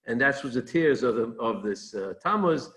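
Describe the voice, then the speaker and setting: A man's voice: mid-range voice, animated, normal speed, fairly bright tone, low-quality recording. A man giving an informal Torah talk as a rabbi, thinking aloud, restarting often, and quoting Hebrew texts before explaining them in plain words.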